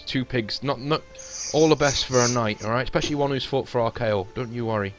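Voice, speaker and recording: A man's voice: medium pitch, quick pace, natural voice. A man doing an eager, fawning market butcher. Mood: reassuring. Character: friendly male butcher trader, eager to please.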